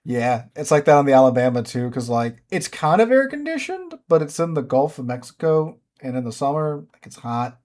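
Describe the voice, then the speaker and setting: A man's voice: mid-range voice, wildly swooping pitch, brisk, few pauses, a little mellow. A man co-hosting a casual gaming podcast, easygoing, mostly chiming in with short agreeing replies. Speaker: podcast co-host.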